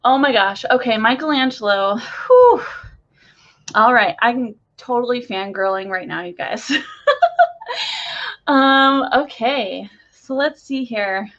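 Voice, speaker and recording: A woman's voice: on the high side, a little slow, dull audio. A woman channeler talking to viewers in a casual, gushing way with lots of fillers, recorded in her bedroom. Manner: excitable, gushing, many fillers. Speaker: spiritual channeler.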